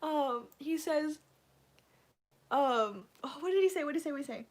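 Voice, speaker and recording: A woman's voice: sits high, expressive, normal speed. A woman hosting a casual livestream, chatting to her viewers in a rambling, gushing way full of fillers. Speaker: livestream host.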